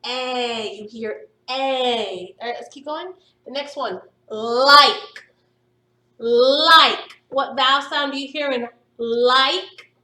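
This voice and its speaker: In a recorded phonics lesson, a primary school teacher with a high voice stretches out each sound slowly for young pupils and praises them warmly and upbeat. The room is echoey and she's recorded from a distance, somewhat off-mic.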